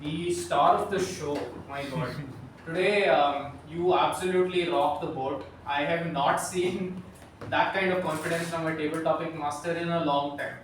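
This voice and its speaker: A man's voice: on the high side, fairly even intonation, unhurried. A man giving upbeat, praising feedback at a club meeting. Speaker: general evaluator. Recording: echoey room, far from the mic, noise.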